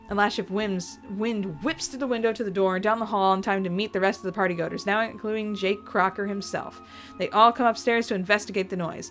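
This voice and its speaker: A woman giving an expressive dramatic reading of a fan-written story. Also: mid-range voice, brisk, faint music behind. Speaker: reader of fan fiction.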